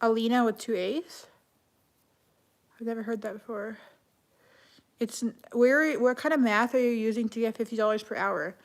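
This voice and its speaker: A woman talks off the cuff on a live stream, answering viewer comments one after another. Her voice sits a little high, and her speech is loose and chatty, full of "like" and quick restarts. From Canada. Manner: chatty, heavy use of "like", quick self-corrections. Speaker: livestreamer reading comments. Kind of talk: casual live-stream chat.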